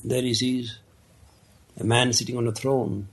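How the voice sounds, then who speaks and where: A man telling a parable in an unhurried, conversational way, with many casual asides. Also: medium pitch, level tone. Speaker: storyteller. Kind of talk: casual spoken storytelling of a parable.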